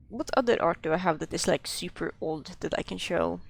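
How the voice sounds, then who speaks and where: A woman's voice: on the low side, a little fast, creaky, hardly any pauses. A woman streaming live, chatting casually with her viewers in a gushing, self-deprecating way.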